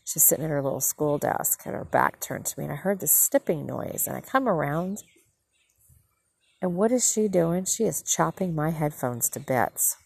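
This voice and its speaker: A woman's voice: low voice, normal speed, vocal fry, slight background noise. A woman from the northern United States hosting a podcast, rambling through a casual story and correcting herself as she goes. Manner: rambling, self-correcting, animated retelling. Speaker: podcast host and mother.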